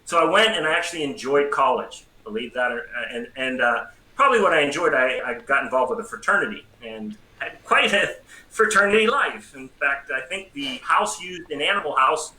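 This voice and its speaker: A middle-aged American man, a priest and psychology professor, tells his story as an interview guest with lively, self-deprecating humor. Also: fairly high pitch, fairly quick. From United States. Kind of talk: personal testimony in a casual interview. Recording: roomy echo with faint background noise.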